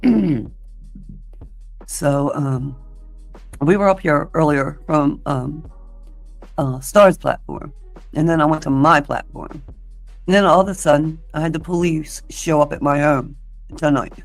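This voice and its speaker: A woman's voice: low voice, unhurried, pauses often, dry recording, faint music behind. A woman on a livestream in an angry, indignant rant, cursing and defensive.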